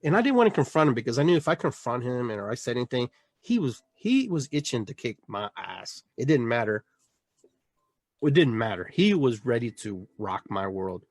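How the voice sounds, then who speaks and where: A male podcast host tells a personal story in a loose, casual way. He is animated, restarts his sentences and talks at a middling pitch. His voice is close and dry, with no room sound. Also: brisk, no echo.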